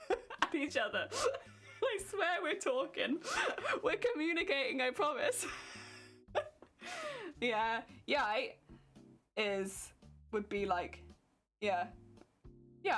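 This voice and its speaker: A woman's voice: sits high, big pitch swings, slow, pauses often, a bit bright, soft background music. A young British woman streamer chatting casually and giggling as she answers her viewers. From Britain. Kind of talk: casual chat with live chat.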